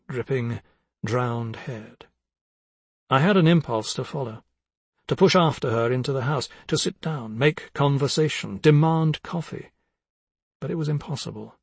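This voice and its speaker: A man narrating a literary audiobook in a measured, reflective way. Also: mid-range voice, husky, no echo.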